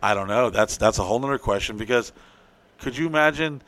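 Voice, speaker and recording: Guy on a podcast rambling crude stories, bright forceful voice, swears a lot. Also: mid-range voice, fast talker. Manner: profane, rambling storyteller. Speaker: podcast co-host. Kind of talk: crude casual podcast banter.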